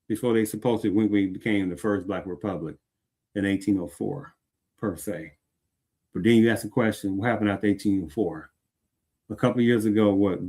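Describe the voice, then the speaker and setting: A man's voice: fairly low pitch, mellow. A man hosting a show, giving heated commentary and repeatedly asking if the listener understands. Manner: emphatic, keeps asking "Do you understand?". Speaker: show host.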